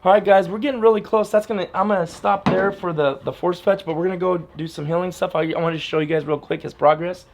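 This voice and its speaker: A man's voice: sits high, steady tone, quick pace, hardly any pauses, slight background noise. A man training his dog and talking plainly and straight to his viewers in a casual outdoor vlog, often repeating himself. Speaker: dog trainer, channel host.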